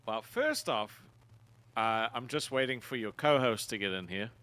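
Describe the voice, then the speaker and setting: Direct male host, bright forceful tone, coaching. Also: mid-range voice, normal speed, smooth. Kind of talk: casual chat.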